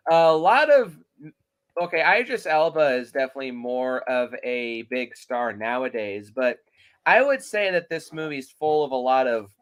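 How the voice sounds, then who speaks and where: Lively-voiced man critiquing films. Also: mid-range voice, normal speed, smooth. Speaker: podcast co-host. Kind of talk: casual movie review chat.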